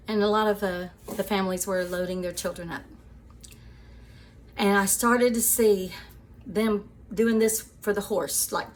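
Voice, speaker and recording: A woman's voice: mid-range voice, a little hiss or hum. Chatty woman host telling a story. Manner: chatty and animated, laughs often, calls listeners "sweeties". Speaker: show host. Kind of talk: personal storytelling to viewers.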